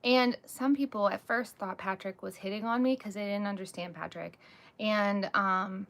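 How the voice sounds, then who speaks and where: Woman streamer, frank conversational chat to camera, slight vocal fry. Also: mid-range voice, fairly even intonation, normal speed, a bit bright. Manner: candid, talks with many "like" and "um" fillers. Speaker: live stream host. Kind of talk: casual live chat answering comments. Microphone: phone or webcam, live stream.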